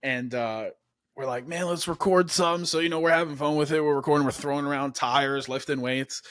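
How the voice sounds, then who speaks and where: A man's voice: mid-range voice, steady tone, fairly quick, fairly bright tone, smooth, no room sound, studio quality. A young man hosting a podcast, telling his story in a casual, laid-back way, often saying "man" and "dude". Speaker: podcast host.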